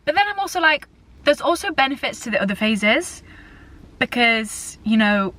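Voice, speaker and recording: A young woman in her twenties chatting casually while driving, excitable and swearing often. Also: fairly high pitch, normal speed. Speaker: vlogger. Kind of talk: casual chat. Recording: loud road noise from the car.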